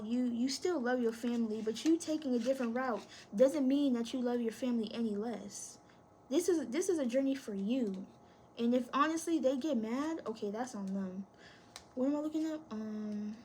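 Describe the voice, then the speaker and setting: A woman's voice: fairly high pitch, darkish tone, a little hiss or hum. A woman reading tarot to camera, encouraging and speaking straight to the viewer, thinking aloud as she pulls cards. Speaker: tarot reader.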